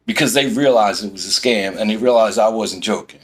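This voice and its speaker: This man's fairly low voice comes at a fairly quick clip as he rants in a storytime vlog. He's from Philadelphia, exasperated, recording in a parked van and animatedly quoting the back-and-forth.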